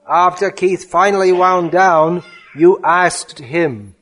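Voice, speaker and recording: A man giving a spiritual lecture, reading a devotional offering aloud in an earnest, measured way. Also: high voice, fairly bright tone.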